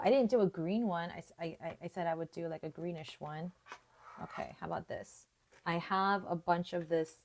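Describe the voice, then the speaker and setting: A woman's voice: fairly low pitch, gravelly, a little mellow. A young woman hosting a live watercolor painting tutorial, chatting casually, thinking aloud and laughing often. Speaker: art tutorial host.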